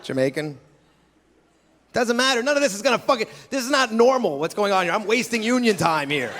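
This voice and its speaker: A man's voice: sits high, sing-song, fairly quick, a bit bright. A middle-aged man doing profane, sardonic stand-up crowd work in a theater, now and then slipping into put-on accents. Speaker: stand-up comedian. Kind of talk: stand-up routine. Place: theater stage before a live audience. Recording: live club recording with crowd noise. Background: audience laughter.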